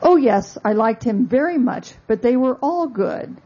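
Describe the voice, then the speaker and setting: A woman's voice: on the high side, expressive, a little slow, warm tone, husky, muffled recording. A woman voicing an elderly queen who answers politely and evasively, in a genteel, breezy manner. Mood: gracious.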